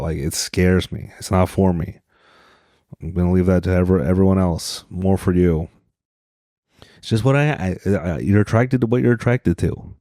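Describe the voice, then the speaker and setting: A man's voice: low-pitched, normal speed, warm tone, no echo, studio quality. A man from Utah hosting a solo comedy podcast, rambling and joking at his own expense. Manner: rambling, self-deprecating, jokey. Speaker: podcast host.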